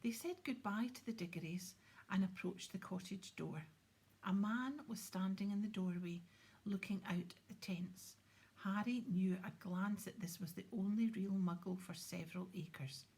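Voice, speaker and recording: A woman reading an audiobook in a soft, hushed, breathy whisper. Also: medium pitch, moderate pace. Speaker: audiobook reader.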